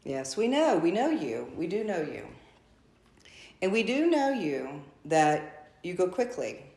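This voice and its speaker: A woman's voice: fairly low pitch, very animated, slow, warm tone, roomy sound. A woman channeling a spiritual message to a group, speaking as a collective "we" in a repetitive, effusive way.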